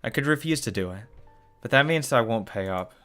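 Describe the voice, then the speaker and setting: A man's voice: mid-range voice, animated, a little fast, fairly bright tone, faint music behind. A man reading a visual novel aloud as a let's play host, breaking off into shocked cursing and groans. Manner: shocked cursing and groaning between read lines.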